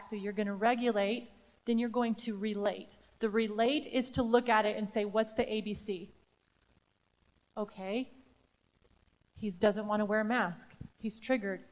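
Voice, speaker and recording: A woman presenting a live training to educators, talking emphatically and asking the audience rhetorical questions. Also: mid-range voice. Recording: long hall reverb.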